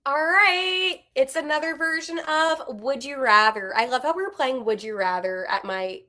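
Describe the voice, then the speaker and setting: A woman in her twenties hosting a hockey podcast, giving candid, animated opinions with quick asides. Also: high voice. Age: 20s. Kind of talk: casual opinionated commentary.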